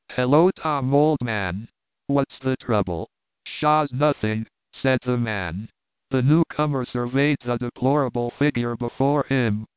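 A man reading a story aloud in a steady, measured narration, lightly voicing the dialogue. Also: mid-range voice, smooth, no room sound. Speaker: audiobook reader. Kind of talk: scripted narration. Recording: dry, narrow phone-like sound.

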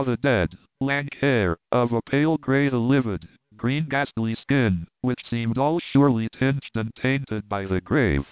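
A man narrating a classic novel in a measured, formal reading. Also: medium pitch, clear, resonant tone, no echo. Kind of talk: audiobook narration. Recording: tinny phone-like dry sound.

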